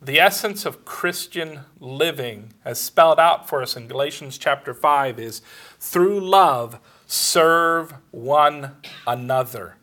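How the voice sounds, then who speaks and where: A man's voice: a little high, takes it slowly, pushed and bright. A man preaching a sermon, telling a personal story with laughs and acted-out dialogue. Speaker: pastor.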